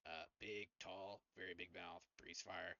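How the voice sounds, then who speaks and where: A man's voice: low-pitched, flat delivery, a little slow, creaky, sharp tone, heavily acted. A man playing a crude cornered thief. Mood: evasive. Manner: evasive, rambling, swearing. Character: evasive crude male thief, captured and cornered. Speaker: game master. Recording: dry, dull lo-fi mic.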